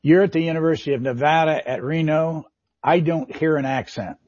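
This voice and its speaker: An older man hosting a broadcast interview, speaking in a measured, formal way. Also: on the high side, darkish tone, no echo, highs cut off. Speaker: TV interview host.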